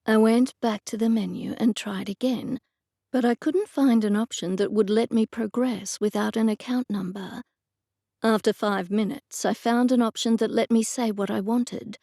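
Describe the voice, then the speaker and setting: A woman reads a first-person audiobook with a fairly high voice and a gravelly edge of fry. She tells the story in a dry, exasperated manner, and the sound is close and dry, with no room around her. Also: fairly even intonation, moderate pace, dark tone, no echo. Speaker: audiobook narrator. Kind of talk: scripted first-person narration.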